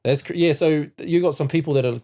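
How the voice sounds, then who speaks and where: A man's voice: a little high, fast, mellow. Man, New Zealand accent, podcast host, casual, blunt questions, slang. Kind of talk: casual interview.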